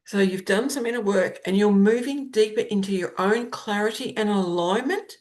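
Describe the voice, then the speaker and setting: A woman hosts her own podcast in a relaxed, conversational way, with a voice of ordinary pitch. She trips over a word now and then and laughs it off, and her sentences often fade to a softer close. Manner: chatty and warm about crystals, laughs at her own stumbles over words. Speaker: podcast host, spiritual guide. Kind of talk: casual solo podcast talk.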